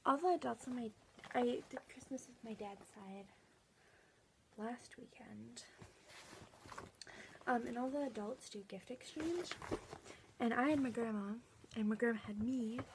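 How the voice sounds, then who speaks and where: Young woman, gravelly fry, fairly high voice, rambling casual vlog talk, steady noise behind. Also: unhurried, pauses often. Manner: chatty, rambling with many fillers. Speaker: vlogger.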